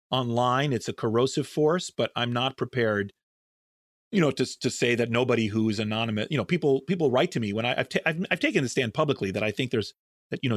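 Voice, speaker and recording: A man's voice: medium pitch, dry recording, clean studio sound. A man answering interview questions in a thoughtful, rambling way, often restarting his sentences. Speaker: guest scientist.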